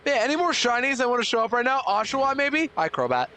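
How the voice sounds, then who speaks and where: Excitable young male streamer, high and lively. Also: quick pace, smooth. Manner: excitable, loudly overreacting. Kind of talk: live game stream chat.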